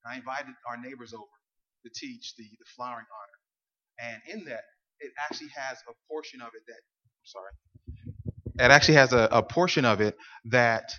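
A man's voice: medium pitch, bright, forceful tone, dull audio. A man who directs a church youth club, giving an earnest sermonette with many restarts and fillers.

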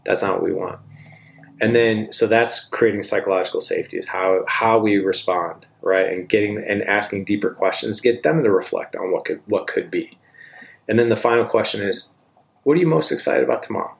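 A middle-aged man talks parents through his approach in a relaxed coaching style, leaning on points and tossing in quick tag questions. His voice sits fairly low with a gravelly fry underneath. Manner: emphatic, frequent tag questions. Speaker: parenting speaker. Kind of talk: conversational coaching talk.

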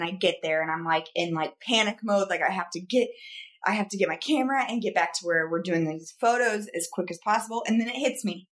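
A woman co-hosting a podcast, telling funny stories about her life in casual chat. She talks in an animated, self-mocking way and laughs as she goes. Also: medium pitch, brisk. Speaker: podcast co-host, photographer.

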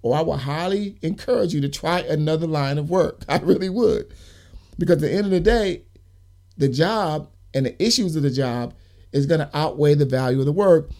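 A man's voice: a little high, normal speed, warm tone. A man hosting a podcast, speaking earnestly about youth work in an emphatic monologue full of lists and repeated key words. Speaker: podcast host and youth worker.

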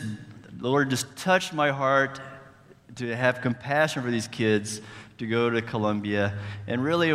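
A man's voice: medium pitch, fairly bright tone. Folksy West Virginian man preaching in a hall. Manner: casual, folksy and earnest, with many fillers. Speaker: guest speaker, missionary. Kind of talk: church sermon. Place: church sanctuary. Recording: reverberant church hall.

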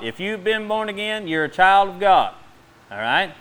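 A middle-aged man preaching a sermon in a fast, folksy way, with bursts of emphasis between quick asides. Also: high-pitched, sing-song, fairly bright tone, smooth.

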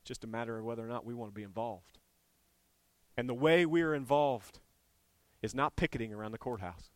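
A male pastor delivering a sermon, moving from easygoing storytelling to impassioned, near-shouted appeals to the congregation. His voice sits in an ordinary middle register. The sound is dry and close, with little room echo. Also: mid-range voice, brisk. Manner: animated, rising to impassioned shouting.

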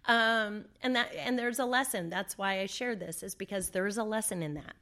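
A woman's voice: medium pitch, fairly quick, a bit bright. A middle-aged woman speaks as an interview guest, telling a personal story in a loose, conversational way. She leans on fillers and plays back the words people said at the time. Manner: conversational, with fillers and re-enacted dialogue.

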